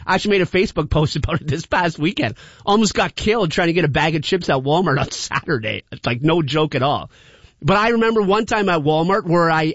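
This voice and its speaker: A man's voice: on the high side, no echo, dull audio. A man hosting a call-in radio show, chatting in a rambling way and laughing often. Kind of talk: casual call-in radio chat.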